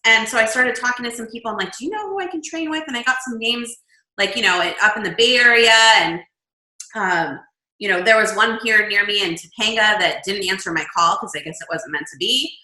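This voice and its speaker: A woman guest describing her path into shamanic healing in lively, animated conversation. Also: medium pitch, a little fast, roomy sound, poor audio. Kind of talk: casual storytelling chat.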